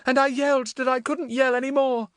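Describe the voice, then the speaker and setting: A man reading an audiobook, voicing a frightened, tearful young girl with a high, trembling, pleading voice. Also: level tone, fairly quick, fairly bright tone, no room sound, studio quality. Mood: distressed. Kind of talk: audiobook character voice.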